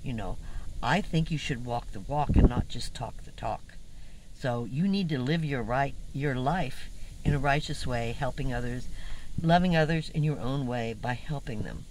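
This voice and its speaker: A woman vlogger who lives in a van, casually telling her viewers a story in an indignant, animated way. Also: very deep voice, normal speed, slight background noise, poor audio.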